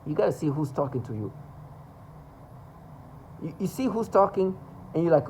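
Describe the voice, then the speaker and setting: A man's voice: fairly high pitch, big pitch swings, moderate pace, long pauses, a little mellow, a little hiss or hum, low-quality recording. A man talking to the camera in an agitated personal monologue, rambling with restarts and repetitions. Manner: rambling, restarts and repeats, mimics others' laughter. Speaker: vlogger.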